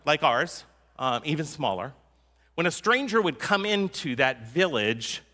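A man's voice: a little high, sharp tone, in a large hall. A man preaching a sermon as a pastor, in a conversational way and teasing his congregation.

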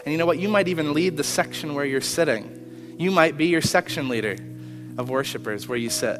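A man leading worship and preaching, earnest, repeating key phrases and dropping from loud to hushed. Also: mid-range voice, fairly even intonation, normal speed. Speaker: worship leader. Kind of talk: sermon. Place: large church sanctuary. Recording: long hall reverb, faint music.

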